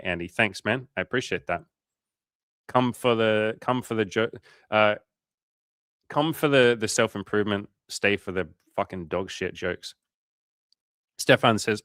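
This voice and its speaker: A man's voice: on the low side, fairly bright tone, no echo, clean studio sound. An Australian man hosting a casual coaching livestream, reading viewer comments aloud in a loose, profane, filler-heavy way.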